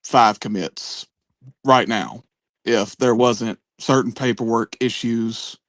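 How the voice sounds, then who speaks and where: A man's voice: mid-range voice, fairly even intonation, slow pace, fairly bright tone, no room sound. A man on a sports talk panel, making wry, coy insinuations in casual chat.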